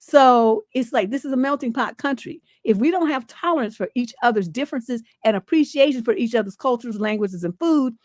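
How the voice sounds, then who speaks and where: A woman's voice: a little high, animated, brisk, hardly any pauses, darkish tone, dry recording, studio quality. A middle-aged American woman hosting a relationship advice livestream, talking bluntly and emphatically and swearing freely. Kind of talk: livestream advice talk, reading a viewer letter.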